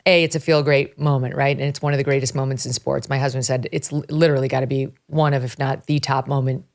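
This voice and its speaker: Low-voiced emphatic middle-aged woman host. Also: quick pace, creaky. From upstate New York. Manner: animated, emphatic, laughs mid-sentence. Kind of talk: casual conversational commentary.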